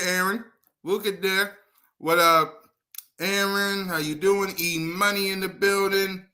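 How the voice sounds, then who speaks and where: A man with a bright, fairly high voice hosts a casual sports stream from home. He greets viewers by name, keeps the energy up and sounds a little out of breath. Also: flat delivery, takes it slowly. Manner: hypes viewers, shouts out names. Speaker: host. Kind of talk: casual livestream chat.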